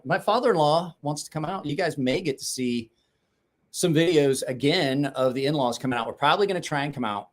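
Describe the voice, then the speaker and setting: A middle-aged man hosting a casual livestream chat, blunt and rambling, swearing freely. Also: mid-range voice. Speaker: knife-sharpening channel host.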